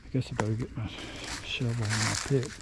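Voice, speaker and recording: A man's voice: medium pitch, steady tone, heavy background noise. A middle-aged man out of breath, rambling plainly while he works outdoors in the woods and vlogs. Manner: rambling, plain-spoken, pauses and restarts. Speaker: vlogger. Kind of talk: casual outdoor work vlog.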